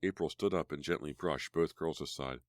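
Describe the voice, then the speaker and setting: A man narrating a horror audiobook in a measured, steady way. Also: extremely low pitch, no echo, clean studio sound.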